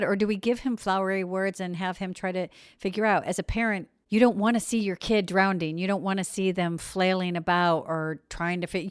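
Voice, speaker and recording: A woman's voice: fairly low pitch, clear, resonant tone, no echo, studio quality. A woman podcast host and parent asking heartfelt, searching questions in an earnest way. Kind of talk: podcast interview.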